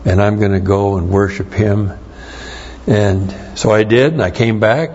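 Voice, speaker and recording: A middle-aged man preaching a sermon, teaching slowly and with heavy emphasis, his voice a little strained. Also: fairly low pitch, darkish tone, slightly rough, highs cut off. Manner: slow, emphatic Bible teaching with repeated stresses. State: strained voice, coughing. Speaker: pastor.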